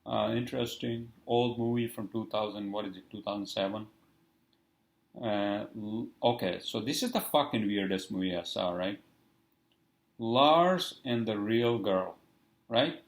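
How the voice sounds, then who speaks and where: A man's voice: on the low side, a little slow, creaky, reverberant, low-quality recording. A man hosting a casual solo podcast, rambling and swearing often as he searches for words. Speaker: podcast host.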